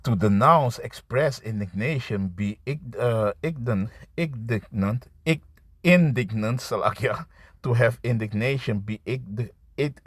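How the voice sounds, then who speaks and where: A man preaching an improvised scripture sermon to camera. He talks in a halting, repetitive way, restarting words and tagging lines with "man" and "you see.". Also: mid-range voice, no echo. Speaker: street-style preacher.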